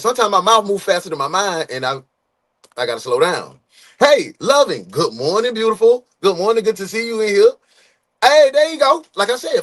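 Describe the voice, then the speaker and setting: Lively high-voiced man hosting a stream. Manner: animated, shouting out viewers by name; loose slangy street talk, quick and playful. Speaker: livestream host greeting viewers. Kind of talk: casual livestream chat.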